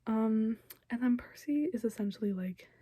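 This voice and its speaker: Young woman reviewer, whispered role-play delivery, husky and close, dry room. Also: a little high, moderate pace, no echo. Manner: soft whispery recap, many fillers. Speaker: show reaction youtuber.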